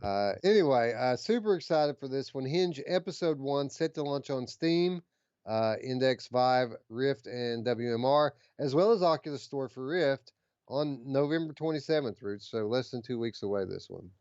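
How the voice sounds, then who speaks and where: A man's voice: mid-range voice, lively intonation, moderate pace, darkish tone, smooth, dry recording, muffled recording. A man co-hosting a podcast, chatting eagerly about gaming news and reading out details with plenty of fillers. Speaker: podcast co-host.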